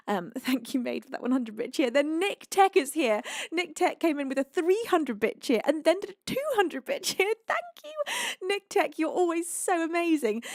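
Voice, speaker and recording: Young British female streamer, brightly affectionate and teasing, fairly high voice, dry close mic. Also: no room sound. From United Kingdom. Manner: bubbly and affectionate, playful mock-stern teasing, laughs often. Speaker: livestream singer host. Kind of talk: casual live-stream chat, thanking viewers.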